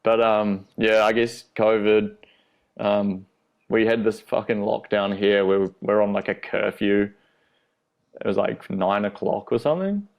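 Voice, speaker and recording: Gravelly laid-back Australian man. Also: fairly low pitch, a little slow. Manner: laid-back, swears freely, laughs through stories. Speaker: guest skateboarder. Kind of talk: casual storytelling.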